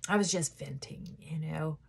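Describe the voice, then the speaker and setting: This woman has a low, gravelly voice with a breathy edge and speaks at normal speed. She's a lifestyle vlogger rambling through a casual get-ready-with-me chat at home, interrupting herself and laughing and sighing frequently as she applies makeup.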